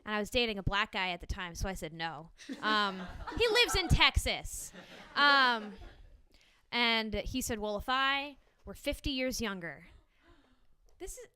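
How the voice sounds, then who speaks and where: A woman's voice: medium pitch, sing-song, measured pace, pushed and bright. A young woman doing a stand-up comedy set before a small live audience, chatty and self-deprecating with frequent ums and laughs.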